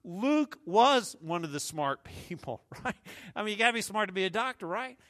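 A pastor from the American South preaches a humorous, conversational sermon in a Southern accent, making asides to the congregation. His voice sits high and is a bit bright, with lively intonation at a moderate pace.

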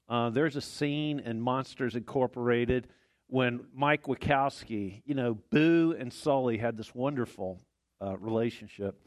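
A man's voice: medium pitch, no echo. A man preaching a sermon as pastor in a church, folksy and conversational with small jokes. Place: church sanctuary.

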